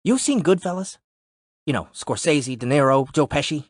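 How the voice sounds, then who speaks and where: A man's voice: a little high, lively intonation, normal speed, slightly rough, no echo, clean studio sound, voice pushed up. A man doing a wisecracking cop. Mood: breezy. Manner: wisecracking, breezy. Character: joking, laid-back male cop. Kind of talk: audiobook narration.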